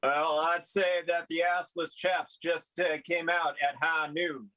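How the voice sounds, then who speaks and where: A man's voice: fairly high pitch, little pitch movement, measured pace, sharp tone, poor audio. A man performing improv comedy with a dry, hesitant delivery. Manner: dry, hesitant, many uh fillers.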